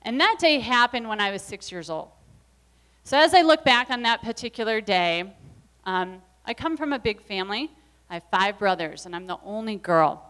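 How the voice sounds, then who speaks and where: Clear-voiced woman telling a story. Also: medium pitch, lively intonation, moderate pace, a bit bright. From US Midwest. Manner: earnest, reflective, acts out quoted voices. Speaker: event speaker. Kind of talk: personal storytelling talk.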